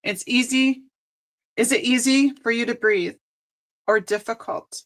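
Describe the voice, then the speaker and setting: A tearful woman reading cards live, her voice sitting a little high. She pauses often and reads slowly and emotionally, choked up as she goes. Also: steady tone, a bit bright. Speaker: intuitive card reader and host.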